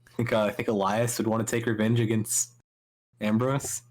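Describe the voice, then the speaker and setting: A man's voice: on the low side, level tone, moderate pace, a little mellow, low-quality recording. A man hosting a casual talk show, asking players rambling questions with fillers.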